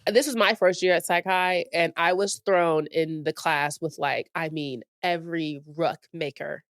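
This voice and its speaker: A woman's voice: measured pace, dry recording, clean studio sound. A woman in her late twenties co-hosting a podcast, telling a school story in casual chat and acting out the people she quotes. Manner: animated, acts out quotes with big pitch jumps and laughter. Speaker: podcast co-host.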